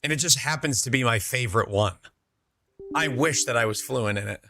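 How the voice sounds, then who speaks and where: While streaming a game, a young man has a laid-back, casual chat with his viewers, reading their messages aloud and replying. He speaks briskly in a medium pitch, with a bright, forceful tone and some creakiness.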